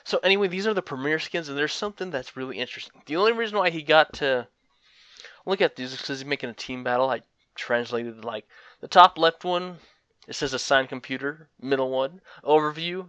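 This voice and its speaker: A man's voice: fairly high pitch, a little fast, pushed and bright, smooth, no echo, muffled recording. A young man giving casual, rambling commentary on a fighting game, with frequent fillers and chuckles. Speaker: gaming commentator.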